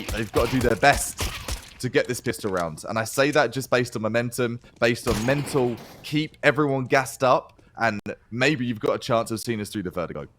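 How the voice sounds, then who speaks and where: A man's voice: mid-range voice, a bit bright, a little hiss or hum. A man with a Canadian accent casting a live esports match, joking and bantering with his co-caster. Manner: jokey, playful banter. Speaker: esports commentator. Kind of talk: live play-by-play and colour commentary.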